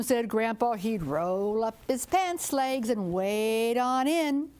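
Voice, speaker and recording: An older woman storyteller spins a folktale. Her voice sits a bit high and moves expressively as she draws listeners in. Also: unhurried, few pauses. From southern Indiana. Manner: lively, expressive, audience-engaging. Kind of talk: oral folktale telling.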